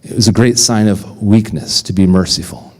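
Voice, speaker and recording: A man's voice: on the low side, moderate pace. A male pastor in his thirties preaching a sermon. He tells stories conversationally and keeps checking in with the congregation with "right?" and "okay?". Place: church sanctuary. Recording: long reverb of a church hall.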